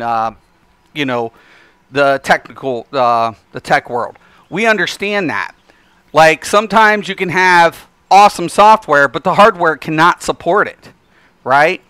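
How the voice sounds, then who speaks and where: A man's voice: fairly high pitch, sharp tone, clean tone, no room sound. A man ranting casually on a live game stream into his desk microphone, emphatic and repetitive with lots of fillers. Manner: emphatic, repeats himself, frequent fillers.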